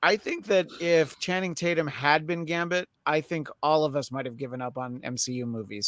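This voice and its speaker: A man joining a podcast chat, delivering sarcastic jokes deadpan. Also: medium pitch, no room sound, studio quality. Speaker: podcast panelist. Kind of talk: casual chat.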